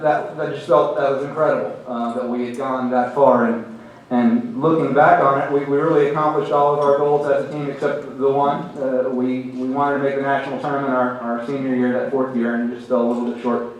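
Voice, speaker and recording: A middle-aged man giving a hall of fame acceptance speech, halting and restarting often, with self-deprecating humor. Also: mid-range voice, a little hiss or hum. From Oklahoma. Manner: halting, many restarts and repeated words. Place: banquet hall. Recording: very echoey hall, heard from a distance.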